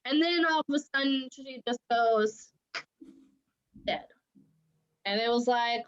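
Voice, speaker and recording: A woman co-hosting a podcast, chatting casually and retelling movie scenes in an animated way. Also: a little high, slow, long pauses, clean tone. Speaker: podcast co-host. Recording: dull lo-fi podcast audio.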